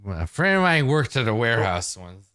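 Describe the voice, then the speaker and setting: A man's voice: medium pitch, sing-song, fairly quick, bright, forceful tone, no room sound. A man voicing a wisecracking, unimpressed grown man in a tabletop game, with a dry, mocking manner. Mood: wry.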